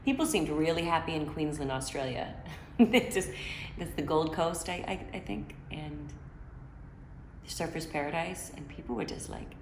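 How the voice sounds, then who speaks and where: Low-voiced woman, chatty, in a roomy space. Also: moderate pace, a little mellow, slight background noise. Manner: chatty, loose, lots of filler and slang. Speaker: singer answering fan questions. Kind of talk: casual chat. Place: her home.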